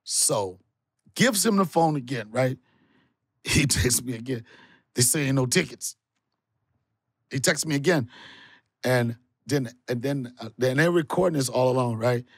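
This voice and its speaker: Animated joking man with a husky voice. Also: measured pace, pauses often, no room sound, studio quality. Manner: animated storyteller, swears freely, jumps pitch for punchlines. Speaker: comedian podcast host. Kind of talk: casual comedic chat.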